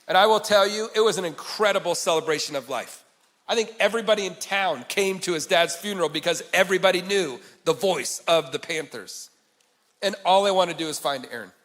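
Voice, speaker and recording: A man giving a motivational conference keynote, telling a personal story in an earnest way that swings from quiet to emphatic. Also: high-pitched. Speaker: conference speaker. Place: large conference hall. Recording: long hall reverb.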